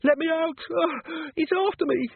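A man's voice: fairly high pitch, big pitch swings, moderate pace, breathy edge, pitched above the performer's own voice. A man doing a frightened, quavering thug. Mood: panicked. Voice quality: quavering, shaky. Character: terrified jumpy man, haunted by childhood fears. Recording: phone-like lo-fi recording.

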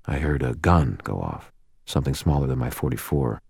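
Very deep-voiced man narrating an audiobook. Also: creaky, breathy edge, no room sound, clean studio sound. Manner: steady, measured first-person reading.

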